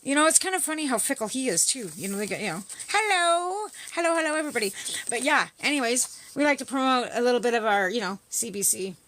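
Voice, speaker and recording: A middle-aged Canadian woman rambles through a swearing-laced political rant as a livestream host. Her voice sits a little high and comes across bright and forceful. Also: expressive, quick pace, few pauses, slight background noise. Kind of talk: casual ranting chat.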